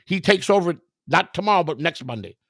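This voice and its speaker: A high-pitched man with a gravelly, fry-laden voice, chatting over a video call. He tells stories in a loose, animated way and swears constantly. The sound is dry and close. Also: a little fast, no room sound. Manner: animated storytelling, heavy swearing, mimics a pleading neighbor. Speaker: stream host. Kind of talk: casual profane chat on a video call.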